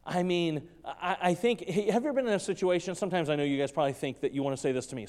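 A male pastor preaching a sermon in a church, excitable and quick, stumbling and repeating words as his enthusiasm runs ahead. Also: on the high side. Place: church sanctuary. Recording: long reverb of a large church hall.

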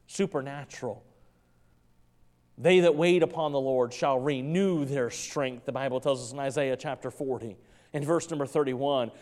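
A male pastor preaching a sermon in a church, excitable and quick, stumbling and repeating words as his enthusiasm runs ahead. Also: medium pitch. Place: church sanctuary. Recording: long reverb of a large church hall.

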